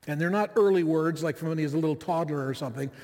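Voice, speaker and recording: Male preacher, high-pitched, conversational and reflective, recorded in a reverberant hall. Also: racing, darkish tone. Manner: reflective, conversational, with frequent asides to the listeners. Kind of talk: sermon.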